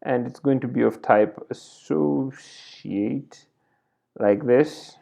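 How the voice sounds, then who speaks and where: A man's voice: medium pitch, takes it slowly, gravelly, mellow. A man teaching a coding screencast, thinking aloud as he types and often adding "right?" and "like this". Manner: thinks aloud while typing, frequent "right?" and "like this". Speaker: coding tutorial instructor. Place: at a computer, indoors.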